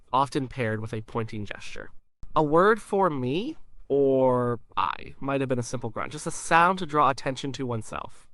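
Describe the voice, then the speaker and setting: A man narrating a science explainer in a scripted way, calmly explaining and sounding out simple syllables as examples. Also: mid-range voice, dry recording.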